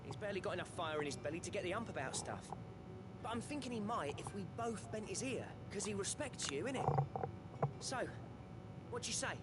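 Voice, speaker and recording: A man's voice: lively intonation, fairly quick. An actor voicing a friendly, worried young man in a video game, with an earnest, coaxing manner. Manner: earnest and coaxing, dropped-g casual speech. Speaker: game character. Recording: game audio over loud rumble.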